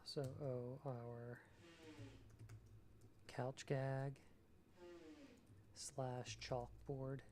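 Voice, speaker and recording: A man talks at an easy, unhurried pace as he streams his screenwriting work. His voice sits in a middle register, and he reads out viewers' messages before giving thoughtful, chatty answers. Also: mid-range voice, little pitch movement, mellow, a little hiss or hum. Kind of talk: casual livestream chat while writing.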